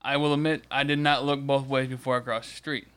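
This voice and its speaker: Smooth-voiced man telling a heated story. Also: mid-range voice, flat delivery, a little fast, a bit bright. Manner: rambling, profane, gets heated retelling a confrontation. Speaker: podcast co-host. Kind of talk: casual chat, storytelling.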